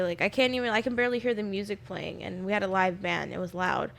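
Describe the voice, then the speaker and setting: Young woman, podcast guest, casual chat, rambling storyteller, crisp bright tone. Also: medium pitch, brisk, hardly any pauses. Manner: rambling storyteller, acts out her own lines. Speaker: bartender guest.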